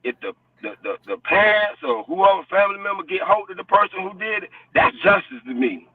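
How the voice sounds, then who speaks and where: A man's voice: high-pitched, sing-song, fairly quick, gravelly. A man in a heated casual debate, blunt and profane, insisting on his point and repeating himself. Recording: distant, dry, phone-like sound.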